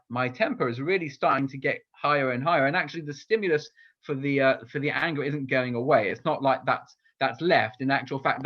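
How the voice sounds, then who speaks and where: A man's voice: medium pitch, a bit bright, muffled recording. A man giving a conversational sermon as a rabbi, talking about himself in a candid, personal, reflective way.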